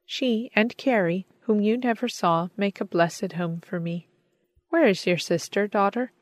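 A woman's voice: medium pitch, a little slow, no echo, natural voice. A woman reading the lines of a playful, affectionate grown brother in a storybook.

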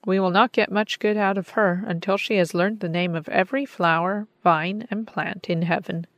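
A woman's voice: medium pitch, fairly even intonation, moderate pace, dry recording, close to an everyday voice. A woman reading the lines of a playful, affectionate grown brother in a storybook.

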